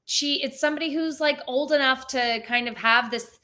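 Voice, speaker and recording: A woman's voice: high voice, moderate pace, pushed and bright. A young woman telling stories in a casual interview as a theme park performer, chatty and full of "like" fillers. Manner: chatty, many "like" fillers, laughs often.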